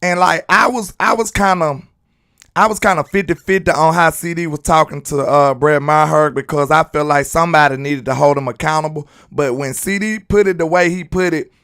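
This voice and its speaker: A man with a Southern US accent hosting a casual livestream sports commentary. He talks in an animated, slangy way and breaks into sing-song shout-outs. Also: fairly high pitch, a little fast, smooth, dry recording, clean studio sound. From Alabama. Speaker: sports channel host.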